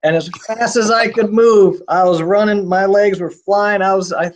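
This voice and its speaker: Halting, intense man telling his story. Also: high-pitched, steady tone, a little hiss or hum. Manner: halting, repeats and restarts words, intense. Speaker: interview guest telling his survival story. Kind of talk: personal testimony in an interview.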